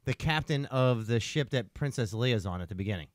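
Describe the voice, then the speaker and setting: A man's voice: mid-range voice, expressive, fairly quick, dry recording. Rambling storyteller man, dry close sound. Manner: rambling storyteller, tags lines with "right?". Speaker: podcast host. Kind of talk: casual podcast chat.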